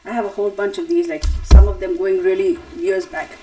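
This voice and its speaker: A woman's voice: medium pitch, level tone, brisk, dark tone, low-quality recording. A woman hosting a tarot live stream, talking casually and straight to her viewers, chatty and wandering off topic with frequent laughs. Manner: chatty, digressive, laughs often, talks to viewers directly.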